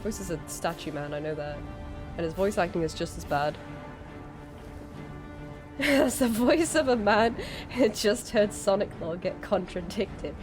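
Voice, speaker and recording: A woman streams while she is sick, and her throat sounds strained. She rambles in a slow, casual way and laughs easily. Clear music plays behind her voice. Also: mid-range voice, lively intonation. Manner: giggly, rambling, easily amused. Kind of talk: casual live-stream chat.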